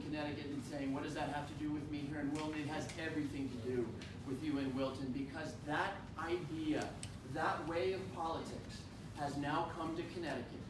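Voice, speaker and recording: A man, a congressman, giving an impassioned campaign speech at a town rally, slowing down to stress his points. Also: a little high. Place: indoor town political rally. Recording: echoey room, distant mic, noisy.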